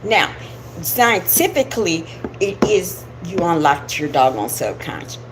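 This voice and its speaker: On a camera-recorded live stream, a woman host talks casually and informally about spirituality, rambling with laughing asides. Her voice sits on the low side and is very animated and unhurried, with a noisy background.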